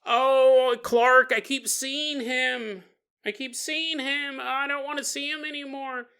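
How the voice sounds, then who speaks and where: A man voicing a frail, frightened old mother near death, quavering and breathy. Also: extremely high pitch, level tone, slow, bright, forceful tone, pitched above the performer's own voice, exaggerated voice.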